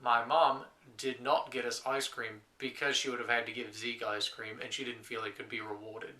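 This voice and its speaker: A man's voice: mid-range voice, level tone, normal speed, sharp tone, close to an everyday voice. A young man playing a lonely last man on earth, telling wry rambling stories to camera in a scripted comedy monologue.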